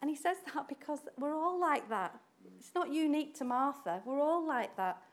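Animated high-voiced woman preaching. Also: moderate pace. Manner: animated, acts out quoted voices, laughs often. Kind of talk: sermon.

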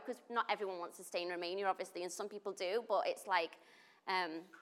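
A woman's voice: medium pitch, steady tone, fast, a bit bright, smooth. A woman, a volunteer helping refugees, telling a story in casual talk full of 'like' and 'you know'.

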